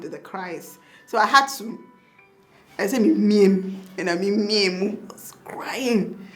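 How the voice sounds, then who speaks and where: A young woman doctor with a Ghanaian accent, telling lively stories in a casual interview and laughing often. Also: mid-range voice, a little hiss or hum. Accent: Ghanaian English. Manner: animated, laughing, acts out quotes. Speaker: pediatric doctor and mother, guest.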